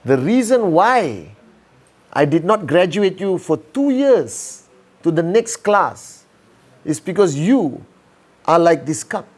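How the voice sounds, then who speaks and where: A man voicing a calm, wise old male Zen master who speaks in few words. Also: high-pitched, slow pace, heavily acted.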